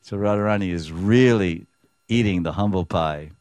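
Low-voiced man giving animated scripture commentary. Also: moderate pace, no echo. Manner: animated storytelling, acts out dialogue, chuckles often. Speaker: spiritual teacher.

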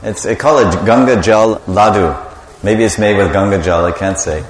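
A man's voice: fairly low pitch, moderate pace. A man preaching a sermon, animatedly telling a devotional story and quizzing the audience. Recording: echoey hall with long reverb.

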